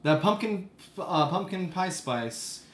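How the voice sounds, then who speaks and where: Male podcast host, relaxed rambling chatter, roomy reverb. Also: high voice, takes it slowly. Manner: laid-back, laughs often, rambling. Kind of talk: casual chat.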